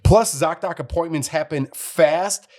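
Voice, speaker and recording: A man co-hosting a casual podcast, reading an ad and telling relaxed family stories. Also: fairly high pitch, a little slow. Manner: relaxed, chatty storytelling. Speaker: podcast co-host. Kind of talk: casual chat and read ad.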